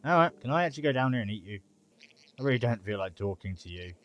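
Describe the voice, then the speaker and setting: A man voicing a hurried, desperate fly. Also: medium pitch, lively intonation, fairly bright tone, soft background music, lightly acted.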